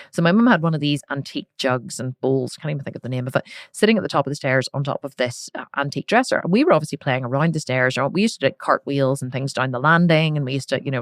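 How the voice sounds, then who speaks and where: A middle-aged woman, hosting a podcast and telling a personal story in a frank, animated way with casual swearing. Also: a bass voice, no echo, clean studio sound. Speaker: podcast host. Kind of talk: candid personal storytelling monologue.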